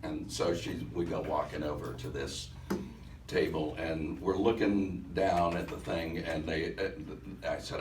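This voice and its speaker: A man presenting at a workshop, telling a story to a live audience in an animated way and laughing as he goes. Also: deep voice, a little slow, a little hiss or hum. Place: event room at a center. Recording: echoey room, mic some distance off.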